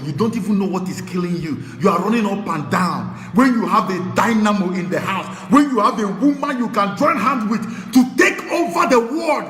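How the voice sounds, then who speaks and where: A Nigerian man delivers a fiery sermon, swinging from shouted declarations to low, hushed warnings, his high, bright voice leaping all over its range. It echoes through a large hall with long reverb, with a little hiss or hum.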